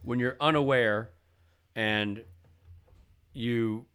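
Bright-voiced joking podcast man. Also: medium pitch, clean tone. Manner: jokey, acts out phone calls in quick voices. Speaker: podcast co-host. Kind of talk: casual comedic chat.

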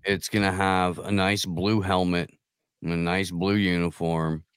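A man in casual podcast chat who gives blunt opinions in halting bursts full of fillers. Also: sits low, level tone, fairly bright tone, smooth, dry recording, studio quality.

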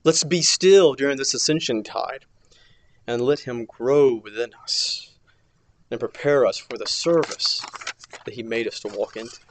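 A man preaching a sermon as an archdeacon, emphatic, swinging between loud declarations and hushed near-whispers. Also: medium pitch, unhurried.

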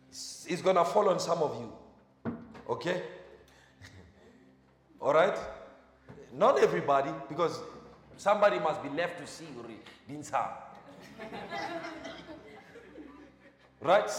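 A man preaching as a pastor. He quizzes the congregation with short questions, then gives quiet instructions during a live demonstration. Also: a little high. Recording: echoey hall with music behind.

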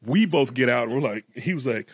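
Husky man telling rambling stories. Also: medium pitch, animated, fairly quick. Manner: rambling storyteller, laughs through stories. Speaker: podcast co-host. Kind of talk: casual podcast banter.

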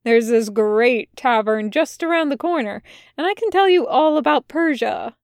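A woman's voice: on the high side, expressive, moderate pace, gravelly, no echo, clean studio sound. A woman voicing a sardonic, laid-back male demon in a drawling, teasing manner.

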